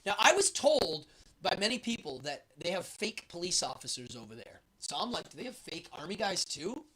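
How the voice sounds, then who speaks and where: Animated man telling a story. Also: high voice, normal speed, a little hiss or hum. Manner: animated, rambling with many fillers. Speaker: host telling a travel story. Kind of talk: casual storytelling.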